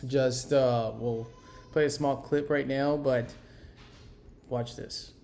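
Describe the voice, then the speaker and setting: A man's voice: mid-range voice, fairly even intonation, takes it slowly, creaky, a little mellow, a little hiss or hum. A young man co-hosting a casual podcast, rambling and swearing casually as he talks. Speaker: podcast co-host.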